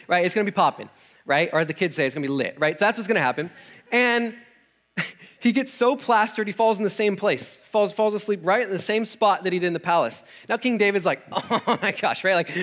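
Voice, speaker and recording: A man's voice: high-pitched, expressive, fairly quick, fairly bright tone. A young adult man preaching, retelling a scripture story casually with slang, laughs and acted-out character lines.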